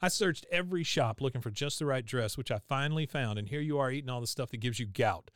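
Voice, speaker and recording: A man quoting the lines of an upset middle-school girl from a cartoon, raising his pitch a little. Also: fast, a bit bright, dry recording, studio quality, lightly acted. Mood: hurt.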